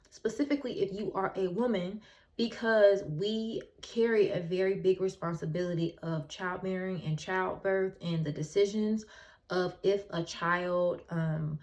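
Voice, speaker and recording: A woman's voice: lowish voice, darkish tone. A woman vlogger talking to her channel, giving relationship advice in a casual, storytelling way with fillers. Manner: conversational, storytelling with filler words. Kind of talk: casual advice talk to camera.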